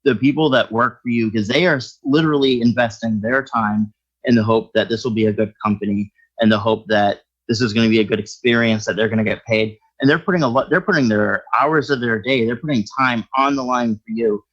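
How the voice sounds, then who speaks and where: A man in a relaxed interview, speaking at a middle pitch and working through his ideas as he explains them. The recording is slightly muffled and lo-fi. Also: a little fast. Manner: explanatory, thinks aloud. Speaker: skip tracer guest. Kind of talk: casual interview talk.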